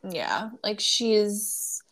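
A woman's voice: medium pitch, big pitch swings, drawn-out words, fairly bright tone. A woman co-hosting a podcast in casual chat, candid and gushing, with many filler words and the odd swear. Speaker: podcast co-host.

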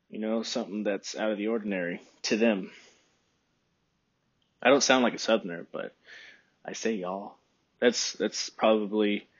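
Phlegmy husky podcast guy from texas, just rambling, kinda muffled lo-fi sound. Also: mid-range voice. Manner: rambling, relaxed, frequent throat clearing. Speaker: podcast host. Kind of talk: casual solo podcast chat. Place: room by a window.

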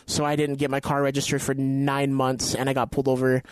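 A man's voice: mid-range voice, completely flat delivery, fairly quick, dry recording. A young man cohosting a podcast who tells stories in casual chat, swears a lot and acts out the voices of the people in his stories. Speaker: podcast co-host.

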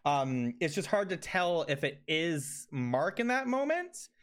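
Chatty laughing man, higher voice. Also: very animated, unhurried. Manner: chatty, laughs often, talks in long runs. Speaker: podcast co-host. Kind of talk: casual chat.

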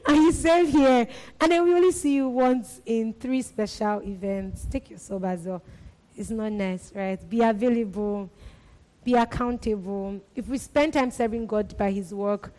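A woman's voice: medium pitch, moderate pace, mellow. A woman exhorting church volunteers, talking in emphatic repetitions and laughing often. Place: church hall. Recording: long reverb of a church hall.

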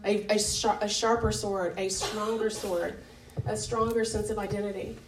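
A women's Bible study leader gives an informal devotional teaching in a church meeting room, talking openly and conversationally with many fillers and self-corrections. She has a medium-pitched voice with fairly even intonation at normal speed. The echoey, distant recording has a noisy background.

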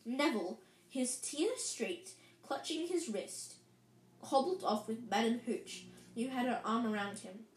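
A woman reading a children's story aloud in a lively way, with frequent slips and restarts. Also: fairly high pitch, unhurried, slight background noise. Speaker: reader. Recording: roomy echo.

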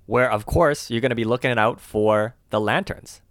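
A man co-hosting a scripted language lesson, slowing down to name each syllable and its tone. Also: medium pitch, a bit bright, no echo, studio quality.

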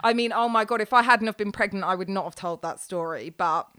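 A woman in her thirties from England telling a funny personal story in casual chat, animated and laughing as she acts out what people said. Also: medium pitch, brisk, clean tone, no room sound.

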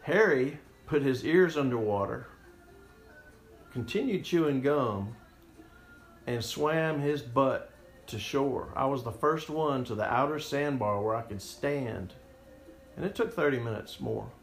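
Man telling a story in a roomy space. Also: mid-range voice. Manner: rambling and conversational, with restarts. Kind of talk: personal story narration. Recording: roomy echo, faint music behind.

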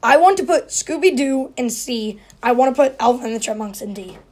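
A woman co-hosting a podcast in giggly, quick casual chat. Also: on the high side, animated, darkish tone. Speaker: podcast co-host.

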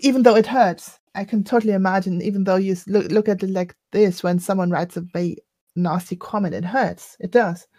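A woman's voice: mid-range voice, fairly even intonation, a little fast, dry recording. Reflective woman podcast co-host, dry sound. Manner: reflective, gently laughing. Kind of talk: casual chat.

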